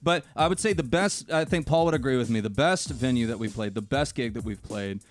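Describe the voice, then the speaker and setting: A man from North Carolina, a musician guest chatting casually in an interview, friendly and rambling in quick bursts. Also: mid-range voice. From Wilmington, North Carolina.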